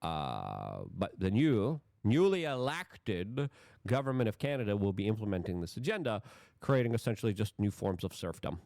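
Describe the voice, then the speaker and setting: A man's voice: fairly low pitch, normal speed, gravelly, dry recording, clean studio sound. A man giving heated political commentary, sarcastic and stumbling through restarts. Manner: sarcastic, animated, repetitive restarts.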